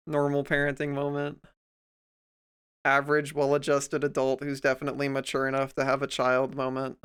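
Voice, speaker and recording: A man's voice: medium pitch, monotone, moderate pace, fairly bright tone, smooth. A young man streaming while drawing, chatting casually and ranting sarcastically at a desk microphone. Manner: sarcastic, ranting, mocking voices of others.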